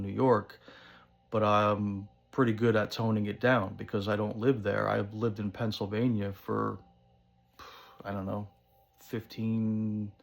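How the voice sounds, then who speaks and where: A man's voice: fairly low pitch, vocal fry. A man with a New Jersey accent, talking casually to his channel viewers in a rambling way with many fillers. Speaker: pipe-smoking channel host. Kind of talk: casual monologue to camera.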